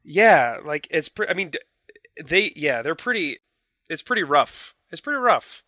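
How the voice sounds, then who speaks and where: A man's voice: on the high side, big pitch swings, unhurried, pushed and bright, no room sound. A young man co-hosting a casual gaming podcast, explaining his points earnestly with hedges and repeated phrases. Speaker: podcast co-host. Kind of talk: casual chat.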